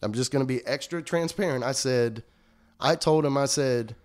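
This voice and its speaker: Man, young adult, interview guest, casual storytelling, animated, swears freely, mid-pitched voice. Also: normal speed. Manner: animated, profane, acts out quoted dialogue.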